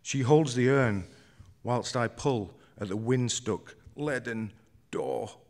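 A man reading his own first-person story aloud on stage at a live event, in a measured, understated way. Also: mid-range voice, darkish tone.

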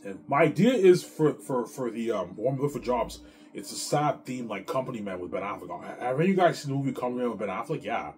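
A man chatting casually on his vlog, rambling excitedly and stumbling over repeated words. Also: mid-range voice, quick pace. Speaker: vlogger. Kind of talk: casual chat. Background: music.

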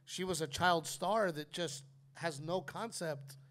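A middle-aged man hosting a live podcast, telling stories in an animated, profane way. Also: on the high side, slow. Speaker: comedian podcast host. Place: live audience at a distillery.

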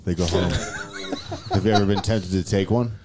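A man's voice: sits low, fairly even intonation, a little fast, a little mellow, slight background noise. A man in podcast banter, teasing and prodding the others with questions. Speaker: podcast host.

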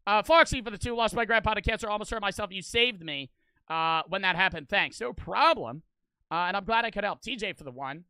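High, bright-voiced male streamer. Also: lively intonation, a little fast, clean tone, no echo. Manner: casual, profane, easygoing. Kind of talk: livestream chat, reading donations.

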